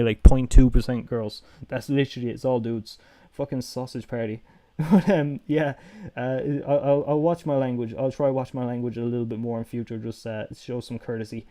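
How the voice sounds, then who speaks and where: A man's voice: medium pitch, mellow, no room sound. A young Irish man with a toned-down Dublin accent, chatting casually on a live stream, swearing freely and restarting his sentences. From Ireland.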